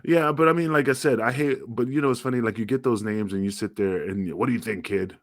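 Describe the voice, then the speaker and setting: A man's voice: mid-range voice, fast, no echo, clean studio sound. A man co-hosting a casual podcast, rambling through stories, swearing freely and acting out quotes. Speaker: podcast co-host, former wrestler.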